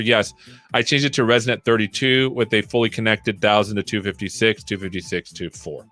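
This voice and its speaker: A man's voice: fairly low pitch, fairly quick, fairly bright tone. A man hosting a live coding stream, explaining as he thinks aloud and often checking in with "right?". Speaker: livestream coding host.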